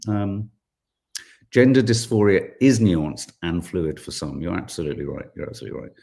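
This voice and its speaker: A man's voice: deep voice, expressive, moderate pace, dark tone. A British man hosting a podcast, chatting wryly and reading out viewer comments, getting worked up at times. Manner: chatty, wry, gets worked up, frequent fillers. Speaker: podcast host.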